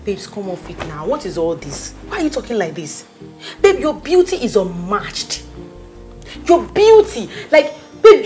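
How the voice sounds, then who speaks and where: An actress playing a loyal, bossy best friend with a Nigerian accent in a film drama, talking insistently and repeating herself. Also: female voice, fairly high pitch, darkish tone. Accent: Nigerian, with Pidgin English. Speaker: consoling friend.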